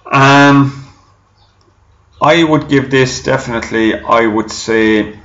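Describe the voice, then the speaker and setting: A man's voice: medium pitch, takes it slowly, fairly bright tone, reverberant, highs cut off. A man giving a chatty, rambling product review to camera, often repeating himself. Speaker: e-liquid reviewer.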